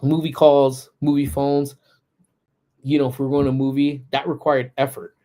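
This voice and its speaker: A man's voice: medium pitch, level tone, moderate pace, mellow. A man in his forties hosting a casual livestream, telling stories in a laid-back, slangy way with frequent laughs. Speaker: livestream host.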